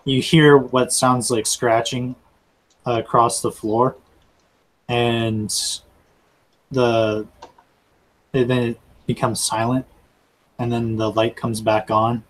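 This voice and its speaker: A man narrating a tabletop role-playing game as game master, in a halting storytelling way. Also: mid-range voice, flat delivery, rough recording.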